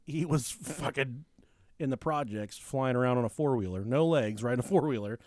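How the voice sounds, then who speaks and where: A man's voice: mid-range voice, moderate pace, a little mellow, dry recording, clean studio sound. A young man on a podcast telling a rowdy story in casual chat, profane, acting out the people he quotes. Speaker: podcast host.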